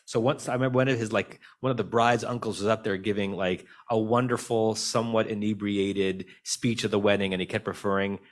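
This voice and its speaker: A man teaching a text-study class as rabbi, talking conversationally and telling stories with an animated, laughing delivery over a video call. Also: on the low side, brisk, hardly any pauses. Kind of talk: lively text study discussion.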